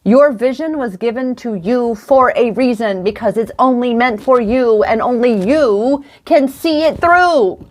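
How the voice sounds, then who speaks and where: Seated indoors before a camera, this woman in her forties, a tarot reader and intuitive coach, offers a warm, affirming card reading to her livestream audience. She speaks on the high side, a touch slowly and somewhat mellow, with few pauses.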